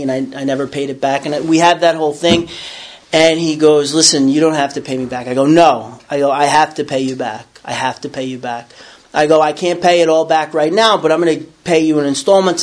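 A middle-aged man telling a personal story in a casual, rambling way, with many restarts and self-corrections. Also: on the high side. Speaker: storyteller sharing a recovery story.

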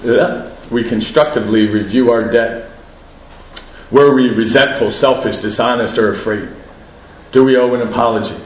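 Man, recovery meeting share, conversational, keeps saying "right?", self-mocking, echoey room, faint background hum. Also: mid-range voice. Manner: conversational, keeps asking "right?", laughs at himself.

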